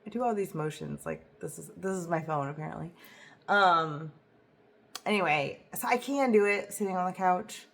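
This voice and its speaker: A woman's voice: on the low side, expressive, moderate pace. A woman hosting a knitting video podcast, talking casually and eagerly to camera from home, with a lilt and plenty of "um" and "like". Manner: chatty and enthusiastic, lots of "um" and "like". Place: home, indoors.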